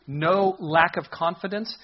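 A man preaching a sermon, with a husky, slightly high voice. He tells the story in an animated way and puts on voices for its characters. The recording sounds dull and lo-fi. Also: a little slow.

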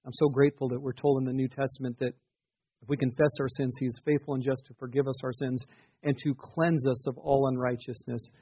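A man's voice: mid-range voice, level tone, fairly quick, mellow, breathy edge, no room sound. A man in his forties preaching a sermon, telling a personal testimony with earnest, emphatic rises. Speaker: pastor.

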